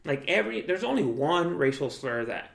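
A man's voice: on the high side, big pitch swings, moderate pace, gravelly. A young man chatting casually with a friend, rambling and slangy, full of "like" and "dude". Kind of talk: casual chat. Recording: echoey room.

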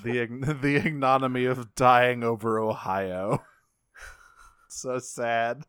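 Man with a smooth, dry voice. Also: mid-range voice, slow pace, dry recording. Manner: animated storytelling, laughs often. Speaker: podcast co-host. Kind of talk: casual recap chat.

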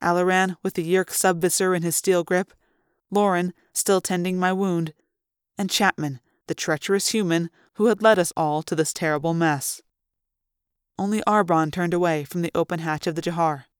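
A fan reader narrating a sci-fi audiobook in steady storytelling style, rising for dialogue. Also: medium pitch, normal speed, a crowd in the background.

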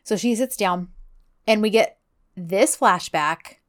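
A woman's voice: medium pitch, takes it slowly. Chatty woman recapping a show. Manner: chatty, animated retelling, quotes characters. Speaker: podcast co-host recapping a drama series. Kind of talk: casual chat.

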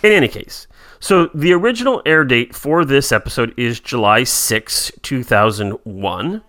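Animated, bright-voiced man podcasting. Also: mid-range voice, moderate pace. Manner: playful, rambling riffs. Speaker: podcast co-host. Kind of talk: casual chat.

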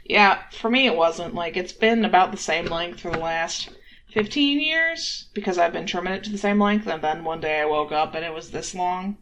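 Player voicing a guilt-ridden elf adventurer, rambling, lots of fillers, mid-pitched, tabletop role-play. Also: moderate pace, a bit bright, a little hiss or hum, lightly acted, rough recording. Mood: worried.

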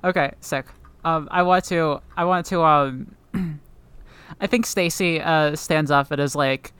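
A woman playing a tabletop role-playing game, talking in a halting, hesitant way. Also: deep voice, a bit bright, smooth, no echo. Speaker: player.

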